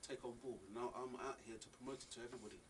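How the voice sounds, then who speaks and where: A man who is a parent helping at a Saturday school answers interview questions earnestly and animatedly, with frequent restarts. His medium-pitched voice is rapid-fire, recorded on a distant mic with faint ambient noise.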